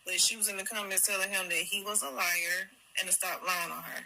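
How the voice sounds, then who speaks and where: A woman's voice: medium pitch, fairly even intonation, fairly quick, gravelly, pushed and bright, a little hiss or hum, low-quality recording. A woman chatting casually on a live stream, recounting what happened in long run-on retellings. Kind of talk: casual gossip chat.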